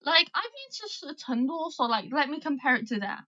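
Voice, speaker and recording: A woman's voice: high voice, big pitch swings, a little fast, sharp tone, highs cut off. A young woman with a British accent, hosting a casual live chat with callers in a loose, chatty way, full of fillers. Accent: British English. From United Kingdom. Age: young adult. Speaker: livestream host.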